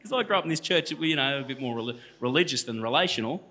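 A man's voice: medium pitch, racing, pushed and bright. A man in his thirties with an Australian accent, a guest speaker telling stories to a church audience in a chatty, joking way that speaks to the crowd directly. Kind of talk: storytelling talk to a church audience. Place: church hall.

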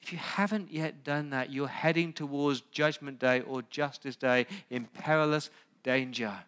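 A pastor preaches a sermon at a measured pace in a slightly high voice. He builds through loud repeated lists and pleads directly with his listeners.

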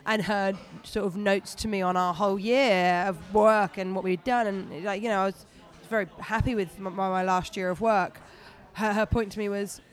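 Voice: medium pitch, steady tone, brisk, hardly any pauses. Chatty stand-up comic. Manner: chatty, rambling, self-deprecating. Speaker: stand-up comedian. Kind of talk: casual interview chat.

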